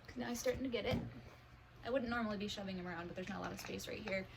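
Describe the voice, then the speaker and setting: A woman training her service dog at home, talking to the camera in a calm, practical way and praising the dog warmly. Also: mid-range voice, rapid-fire, vocal fry, background noise. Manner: upbeat praise to dogs between calm explanations. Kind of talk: casual training vlog. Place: bedroom at home.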